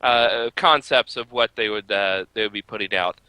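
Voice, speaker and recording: A man co-hosting a motorsport podcast, talking casually with many filler pauses. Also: lowish voice, sharp tone, clean tone, dry recording, rough recording. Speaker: podcast co-host. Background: baby crying.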